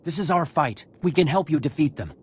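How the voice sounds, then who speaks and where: A man's voice: on the high side, lively intonation, brisk, slightly rough. A man voicing an earnest, eager young recruit in a game cutscene.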